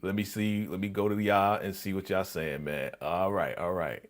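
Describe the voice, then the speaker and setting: A man hosts a live reaction stream in a laid-back, loose way, leaning on fillers as he recaps and reads chat. His voice sits a little low. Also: fairly even intonation, normal speed. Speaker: live-stream show host.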